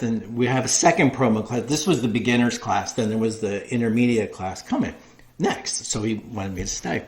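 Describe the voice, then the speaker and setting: A man, a wrestling promo class coach, telling stories in an interview, animated and full of restarts. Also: mid-range voice, brisk. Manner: animated storyteller with many restarts. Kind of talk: storytelling interview.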